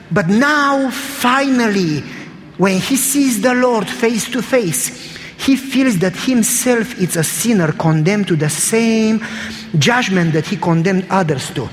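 A man's voice: extremely high pitch, fairly bright tone, big-room sound, slight background noise. A man preaching a sermon in a church, telling stories in an emphatic, conversational way.

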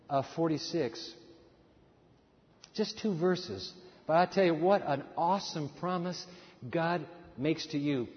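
A male pastor preaching a sermon, swinging between loud, fervent passages and hushed, quiet ones. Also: fairly high pitch. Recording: dull sound in a hall with long reverb.

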